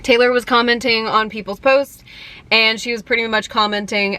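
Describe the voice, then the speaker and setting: A woman's voice: fairly high pitch, fairly even intonation, moderate pace, pushed and bright. A young woman chatting casually in a fan vlog, giggly and full of "like" and "um". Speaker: vlogger.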